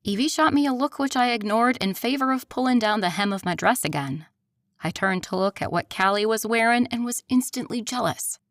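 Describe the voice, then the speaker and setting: A woman's voice: on the high side, a little fast, a bit bright, dry recording, clean studio sound. A woman narrating a first-person romance audiobook in an intimate voice that often drops to a near whisper.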